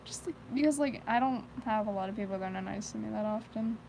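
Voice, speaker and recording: A woman's voice: mid-range voice, fast, vocal fry, a little mellow, slight background noise, rough recording. A teenage girl chatting casually on a live stream, rambling with many fillers and frequent giggles. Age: teens. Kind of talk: casual chat.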